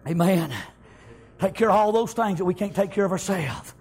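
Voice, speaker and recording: A man preaching a fervent testimony sermon, full of amens, folksy telling and bursts of shouting. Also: high voice, normal speed, breathy edge. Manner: fervent, repeats "amen" and "praise God", swells into shouting.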